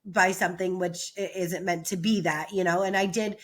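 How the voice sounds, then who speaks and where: A woman's voice: fairly low pitch, fairly even intonation, moderate pace. A woman co-hosting a podcast, talking loosely and laughing often in casual chat. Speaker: podcast co-host.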